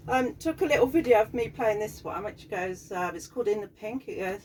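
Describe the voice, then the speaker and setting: A woman's voice: mid-range voice, lively intonation, fairly quick. A woman with a Southern English accent, a piano teacher chatting casually in a rambling, easygoing cooking vlog from her home kitchen. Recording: distant mic, faint background noise.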